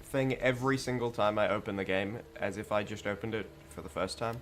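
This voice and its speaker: A man's voice: on the low side, steady tone, a little fast, background noise. A man with a groggy morning voice streaming a game, rambling and joking as he plays. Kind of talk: casual gameplay commentary. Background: game music.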